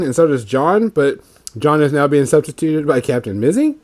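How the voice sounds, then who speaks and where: A man hosting a casual podcast, chatting in a relaxed, rambling way with plenty of fillers while he paints miniatures. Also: a little high, moderate pace.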